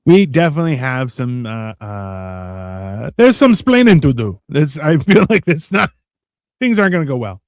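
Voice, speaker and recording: A man's voice: mid-range voice, moderate pace, no room sound, studio quality. A man co-hosting a casual livestream chat, joking and swearing freely as he spins silly stories. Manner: joking, profane, animated storytelling. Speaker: co-host.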